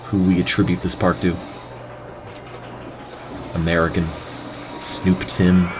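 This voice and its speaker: A man's voice: low-pitched, little pitch movement, slow pace. A man from New Jersey giving dry, sarcastic commentary while playing a video game. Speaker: let's play commentator. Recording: game music behind the voice.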